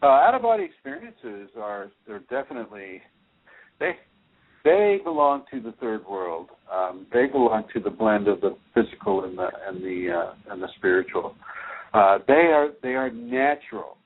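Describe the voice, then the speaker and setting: A man's voice: lowish voice, lively intonation, moderate pace. A man hosting a spiritual radio show, speaking straight to the listener and reassuring them as he answers their questions. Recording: tinny phone-line radio audio.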